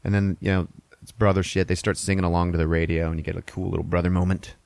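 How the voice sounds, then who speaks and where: A man's voice: low voice, level tone, fast, vocal fry, darkish tone, no echo. A man hosting a podcast, casually retelling a movie scene by scene, acting out lines and swearing often. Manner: retells scenes with acted-out quotes and frequent swearing. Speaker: podcast host.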